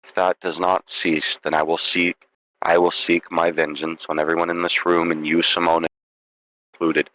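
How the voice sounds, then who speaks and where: A man voicing the stern ghost of a woman school dean, speaking with grave, measured threats. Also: low-pitched, level tone, bright, forceful tone, voice pushed down, poor audio. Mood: threatening.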